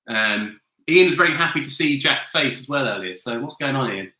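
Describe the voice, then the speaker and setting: A man's voice: medium pitch, lively intonation, brisk, pushed and bright, roomy sound, low-quality recording. A man hosting an online pub quiz from home, chatty and loose, swearing casually as he explains the rounds. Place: home, with a flatmate nearby.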